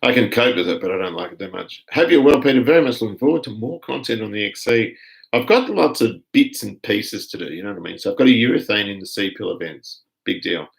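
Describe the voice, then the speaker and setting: Australian male streamer, low gravelly voice, relaxed rambling chat with viewers. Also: fast, low-quality recording. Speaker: live stream host reading viewer comments. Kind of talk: casual live chat.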